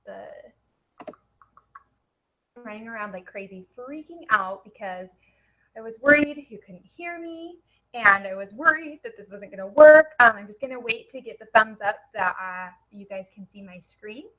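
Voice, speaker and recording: This young network marketing presenter talks through a headset microphone in a live webinar, chatty and heavy on filler words. She has a fairly high, sharp-toned voice at normal speed, heard over poor audio.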